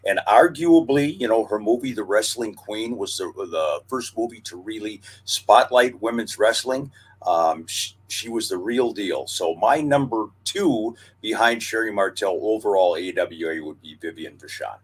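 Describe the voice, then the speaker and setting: A man co-hosting a podcast, telling wrestling history in a measured, knowledgeable way. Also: lowish voice, lively intonation, slightly rough. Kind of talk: casual chat.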